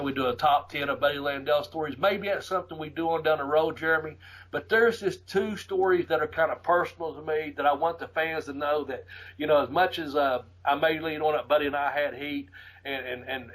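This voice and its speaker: A middle-aged man, a podcast host casually telling profane, animated stories and laughing often. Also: on the high side, rough recording. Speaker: podcast host and former wrestler. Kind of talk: casual storytelling.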